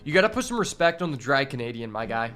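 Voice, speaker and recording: A man streaming a card game, talking casually and excitedly to his chat and swearing often. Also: medium pitch, fast talker, faint music behind. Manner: profane, excitable, talks to chat. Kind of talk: casual live-stream commentary while playing.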